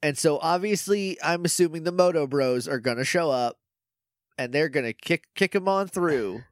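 Male podcast co-host, casual and chatty, fairly high and animated, dry close sound. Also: moderate pace, no echo. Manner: chatty, laughs often, trails off with fillers. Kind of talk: casual chat recapping a TV episode.

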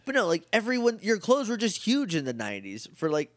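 A man is co-hosting a casual podcast, recapping a show with a friend. His voice sits a little high and swings up and down a lot, and he is full of "like" fillers. The room is dry and close. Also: no room sound. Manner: animated, quick, lots of "like" fillers. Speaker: podcast co-host.

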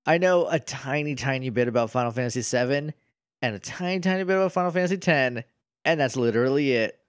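A man's voice: no echo, studio quality. A man co-hosting a podcast, chatting casually and joking playfully. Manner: playful and quick to joke, with bursts of excited pitch. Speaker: podcast co-host. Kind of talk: casual chat.

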